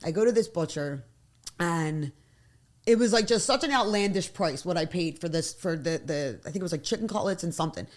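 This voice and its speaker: A woman from South Philadelphia with a Philadelphia accent, a guest telling stories in casual interview chat, animated and swearing freely. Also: on the low side, fairly quick. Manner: animated storyteller who swears freely and acts out quotes.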